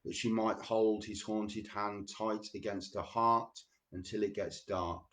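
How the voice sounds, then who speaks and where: A man hosting a show, reading poems slowly and deliberately and chatting loosely between them. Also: fairly low pitch, steady tone, a bit bright. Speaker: radio show host. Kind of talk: poetry reading with casual asides.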